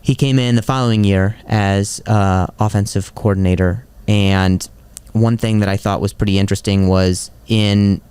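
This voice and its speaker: A man co-hosting a podcast, chatting casually and excitedly about football and walking through stats. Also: lowish voice, normal speed, clean tone. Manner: excitable, repeats catchphrases, walks through stats. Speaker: podcast co-host. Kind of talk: casual sports chat.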